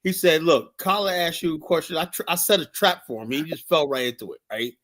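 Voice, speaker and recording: This man hosts a heated talk show and argues in a loud, animated way. He repeats himself often and swears freely. His voice sits higher than most men's. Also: fairly quick. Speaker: host. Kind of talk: heated casual debate talk.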